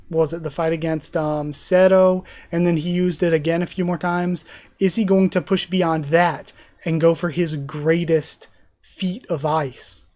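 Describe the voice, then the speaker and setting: A man giving a live reaction as a YouTuber, reading a manga aloud with animated, emotional commentary. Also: on the high side.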